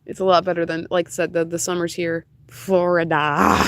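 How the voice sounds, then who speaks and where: Her voice is fairly low, brisk, and mostly flat in pitch as this young woman streams herself crafting at home. She's moving furniture, rambling and joking with chat, and laughs frequently.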